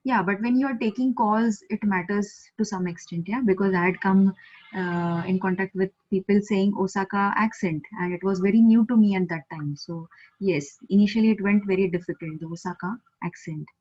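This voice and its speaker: Indian woman teaching Japanese slowly. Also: mid-range voice, darkish tone. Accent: Indian English. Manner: patient, repeats words slowly for learners. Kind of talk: online language lesson. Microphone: video call. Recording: slightly muffled video call audio.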